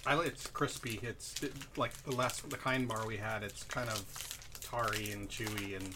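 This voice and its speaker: A man's voice: fairly low pitch, fairly even intonation, normal speed, very noisy. A man co-hosting a casual chat show, explaining things in a rambling, easygoing way. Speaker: co-host.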